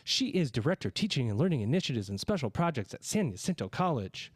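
A man's voice: medium pitch, big pitch swings, fast. A man hosting a podcast in a casual, joking, rambling way, a little out of breath. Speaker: podcast host. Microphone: studio microphone.

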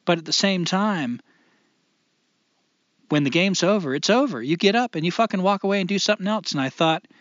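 A man's voice: high voice, lively intonation, fairly quick, long pauses, a bit bright, no room sound. Guy cohosting a chill podcast, thoughtful and emphatic, dry dull lo-fi sound. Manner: reflective, emphatic, swears casually. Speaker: podcast co-host. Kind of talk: casual podcast chat.

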